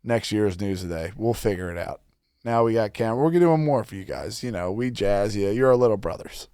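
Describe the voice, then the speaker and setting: Brief: male podcast host, deep-ish voice, swears freely, mock-bragging banter, close dry mic. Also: fast talker, mellow, clean tone, dry recording. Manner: profane, boastful joking. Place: podcast studio.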